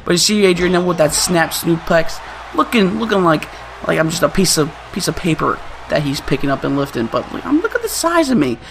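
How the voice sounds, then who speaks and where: A young man hosting a gaming channel, giving excitable, trash-talking gameplay commentary and laughing often. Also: on the high side, brisk, noisy background.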